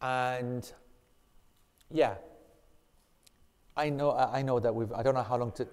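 A man's voice: mid-range voice, steady tone, a little slow, a little mellow, clean tone. A man teaching an informal Islamic class, joking and teasing his students as he rambles. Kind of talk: casual informal religious class. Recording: long reverb in a hall.

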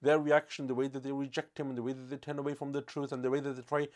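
A man gives a religious lesson at a brisk pace in a mid-pitched voice. He tells stories and puts energy into the lines he quotes. He recites Arabic verses at speed. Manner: storytelling, acting out quoted speech with lively emphasis; recites Quranic Arabic quickly. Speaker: Islamic teacher.

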